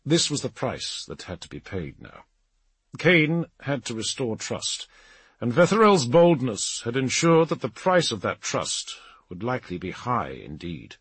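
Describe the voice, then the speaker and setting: A male audiobook narrator with a husky voice reads with dramatic, expressive delivery, his pitch rising and falling in a lively way. The recording is dry and close, with no room sound. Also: a little slow, no room sound. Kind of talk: scripted narration.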